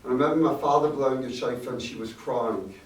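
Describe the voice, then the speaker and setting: A man's voice: mid-range voice, fast. A middle-aged man, a rabbi, telling a reflective personal story to an audience, with Yiddish words mixed in. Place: event hall. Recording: echoey room, distant mic, faint noise.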